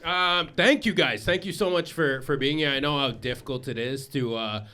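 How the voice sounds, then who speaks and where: A man's voice: mid-range voice, normal speed, sharp tone, clean tone. A man doing a stand-up comedy set on stage, rambling and self-deprecating, with lots of filler words. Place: comedy stage before a live audience. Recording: live stage mic with audience laughter.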